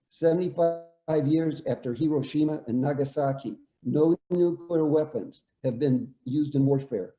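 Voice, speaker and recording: An older man, a veteran, reading out his own war story in a measured, plain way. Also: a little high, mellow. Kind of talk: reading a prepared personal story. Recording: echoey room.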